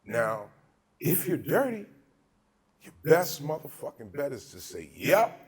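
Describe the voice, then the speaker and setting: Husky-voiced man telling a lively story. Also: medium pitch, unhurried. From Altadena, Southern California. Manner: animated, profane storyteller acting out the people in his stories. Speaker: podcast host. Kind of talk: casual storytelling chat.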